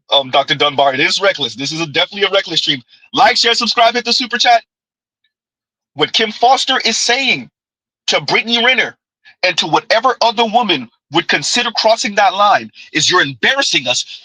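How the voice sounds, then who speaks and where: A man's voice: high-pitched, bright, forceful tone, slightly rough, no echo, rough recording. A man hosting a commentary show, reacting to clips with emphatic, repetitive phrasing. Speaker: commentary channel host.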